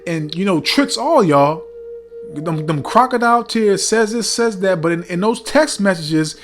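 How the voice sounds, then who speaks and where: Between passages of scripture, this preacher fires off blunt, profane comments in an angry rebuke, tripping over filler words and saying "man" again and again. His voice is a little high.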